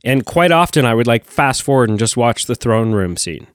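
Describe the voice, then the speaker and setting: Animated man rambling about films. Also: mid-range voice, normal speed, no room sound, studio quality. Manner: enthusiastic, rambling with restarts. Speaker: podcast co-host. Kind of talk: casual chat.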